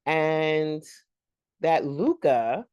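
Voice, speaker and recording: A woman's voice: low voice, lively intonation, drawn-out words, darkish tone, clear, resonant tone, dry recording, studio quality. A woman hosting a casual, rambling TV recap and talking straight to her viewers as "y'all.". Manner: chatty, addresses viewers as y'all; long-winded and rambling. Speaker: TV show recap host.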